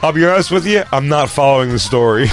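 A man's voice: mid-range voice, animated, fast talker. A man co-hosting a podcast, teasing and wisecracking with his friends. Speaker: podcast co-host. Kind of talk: crude comedic banter.

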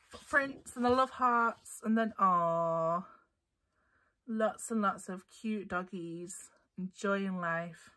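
A woman's voice: medium pitch, a bit bright, slight background noise. A woman chatting casually through a craft haul, bubbly and giggly, her voice a little tired. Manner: bubbly and giggly, gushing over papers. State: voice getting tired. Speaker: craft vlogger.

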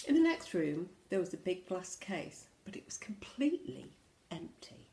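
A woman's voice: fairly low pitch, big pitch swings, normal speed, mellow, slight background noise. A teacher reading a picture book aloud to young children. She reads expressively, drops to a whisper for suspense and stops to point out the pictures. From England.

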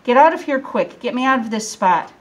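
A woman's voice: on the high side, expressive, fairly quick. A woman voicing a grumpy, greedy goldfish. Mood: angry. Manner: demanding and scolding.

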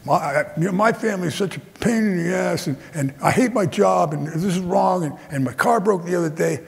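A man acting out a loud, boorish big man who complains and picks fights, in a raised voice on a theater stage. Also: high voice, brisk, vocal fry, voice pushed up. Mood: whining. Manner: loud, whiny then pushy. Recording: long theater reverb.

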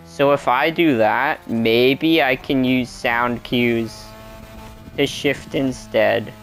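Slow-talking excitable young man gaming. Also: mid-range voice. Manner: self-mocking, excitable, talks to himself. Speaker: gameplay streamer. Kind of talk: casual let's-play commentary.

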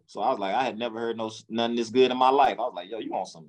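A low-pitched man with a Memphis Southern accent tells a long, rambling story in a relaxed interview. He repeats and restarts words and acts out other people's lines in a raised voice. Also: racing, husky. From Memphis, Tennessee, US. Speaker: guest, music executive.

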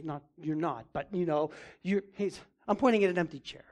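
A man preaching a sermon as pastor, emphatic, with casual asides, swinging from loud and urgent down to low and quiet. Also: lively intonation, normal speed. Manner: emphatic, rising to near-shouting then dropping low.

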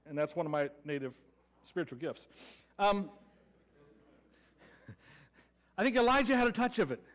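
A man's voice: very high-pitched, a bit bright, smooth. A man with a Southern American accent preaching a sermon, telling a story with playful sarcasm and acting out the people in it. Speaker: pastor.

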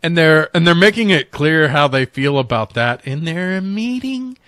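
Animated bright-voiced male co-host. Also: a little high, normal speed, no room sound, studio quality. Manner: joking, reads news aloud then riffs with shouted mock voices. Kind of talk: casual political chat.

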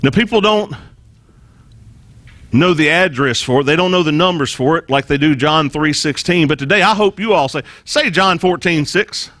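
Bright, high-voiced man preaching a sermon. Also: normal speed, no echo. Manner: emphatic preaching, repeats key phrases, leads congregation responses; frequent restarts and repeated words. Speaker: pastor. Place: church.

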